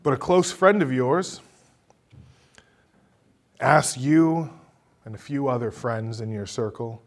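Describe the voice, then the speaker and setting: A male preacher tells a story dramatically in his sermon, swinging from a hush to forceful emphasis. He speaks slowly at a medium pitch.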